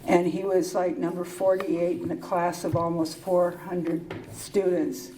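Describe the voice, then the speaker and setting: An older woman speaking candidly at a recovery meeting, telling her personal story in a wry, halting way with pauses and restarts. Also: fairly low pitch, little pitch movement, warm tone, recorded from a distance, slight background noise, poor audio.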